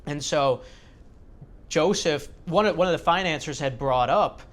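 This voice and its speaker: Animated man telling a story casually. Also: a little high, a little slow. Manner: animated, filler-heavy. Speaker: host.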